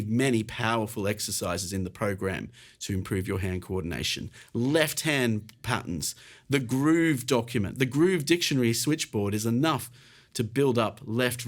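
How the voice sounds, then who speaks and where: A British man teaching an online piano lesson, encouraging and casual, explaining while counting and playing along. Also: mid-range voice. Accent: British English. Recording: faint piano music behind.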